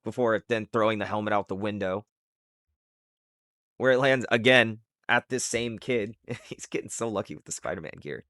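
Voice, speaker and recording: A man's voice: lowish voice, normal speed, a bit bright, no echo. Rambling man recapping a comic, dry sound. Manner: loose and rambling, with many fillers. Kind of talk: casual comic book recap.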